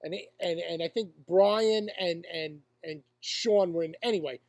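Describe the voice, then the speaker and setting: High pitched guy rambling and cussing on a podcast, dead dry room. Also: a little slow, darkish tone, dry recording. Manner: rambling storyteller, swears freely. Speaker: podcast co-host. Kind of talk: casual chat.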